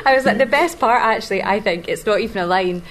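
A Glaswegian woman talks about her acting role in a casual interview, laughing easily between thoughts. Her voice sits at a middle pitch. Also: fairly bright tone. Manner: laughing, chatty, quick-witted. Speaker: actor. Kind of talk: press junket interview. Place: small room.

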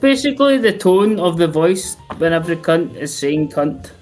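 A man's voice: fairly high pitch, big pitch swings, normal speed, faint music behind. Drunk, foul-mouthed Scottish man. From Scotland. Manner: blunt, swears constantly. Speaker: caller. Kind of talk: casual call-in chat.

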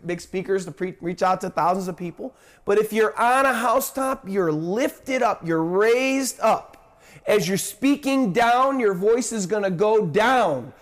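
A man preaching a sermon as a pastor. He is impassioned, repeats phrases for emphasis, asks rhetorical questions, and swings between loud declarations and quiet, dropped endings. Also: high voice. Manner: impassioned, rising and dropping sharply in loudness.

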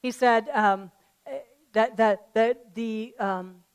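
A woman pastor preaching a sermon, swinging between loud fervent declarations and quiet conversational asides, telling a parable in a chatty way. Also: a little high, steady tone, takes it slowly, clean tone. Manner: tells a parable in a chatty storytelling way.

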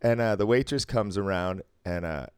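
A man's voice: lowish voice, normal speed, clean tone, dry recording, studio quality. A man chatting casually on a podcast, telling stories with frequent laughs and swearing. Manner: laughing storyteller, swears freely. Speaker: podcast co-host. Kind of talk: casual chat.

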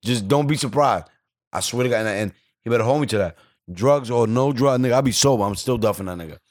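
A man co-hosting a podcast in casual chat, telling animated, profane stories and mimicking other people's voices. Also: mid-range voice, fast talker, no echo, studio quality. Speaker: podcast co-host.

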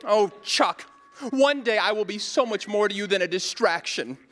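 A man's voice: high voice, lively intonation, moderate pace, fairly bright tone. A man playing a flirtatious, theatrical male spy recruiter in a comedy audio play who drops innuendo and breaks into show tunes. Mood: campy.

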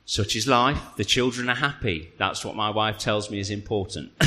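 A man preaching a sermon, telling a humorous personal story in a chatty, animated way. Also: on the low side, moderate pace. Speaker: pastor. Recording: reverberant hall.

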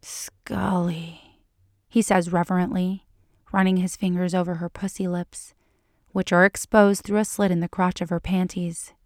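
Low-voiced woman reading a story. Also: flat delivery, normal speed, a little mellow, dry recording, clean studio sound. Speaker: narrator. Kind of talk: reading fan fiction aloud.

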